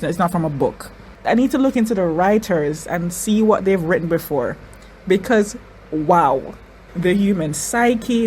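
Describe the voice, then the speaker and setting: A woman hosting a reaction video, talking excitedly and repeating her exclamations, tearful at times. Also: lowish voice, a little hiss or hum, low-quality recording. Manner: exclaiming, repeats phrases, says y'all. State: crying.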